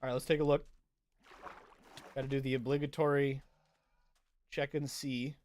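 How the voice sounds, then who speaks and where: A man's voice: medium pitch, flat delivery, moderate pace, a little mellow, dry recording. A young man casually chatting through a game livestream, reading out and answering viewer chat as he plays. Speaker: streamer.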